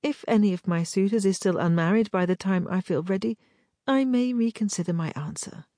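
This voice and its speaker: A woman's voice: medium pitch, a little fast, dark tone, no room sound, studio quality, voice pushed up, natural voice. A woman reading the part of a genteel, well-mannered young lady in an audiobook, keeping her tone polite and light. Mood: light, evasive. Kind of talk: audiobook character voice.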